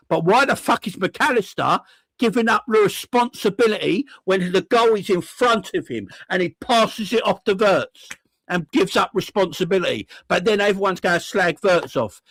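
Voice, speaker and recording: Angry young fan host, high and very animated voice, sweary rant, dry close sound. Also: male voice, no echo. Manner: furious, sweary, repeats himself, asks rhetorical questions. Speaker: football fan channel host.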